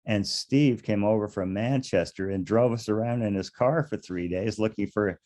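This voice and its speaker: An older man with a low, warm voice tells his stories as an interview guest. He rambles along, chuckles, and often restarts his sentences. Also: normal speed. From United States. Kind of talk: casual storytelling interview.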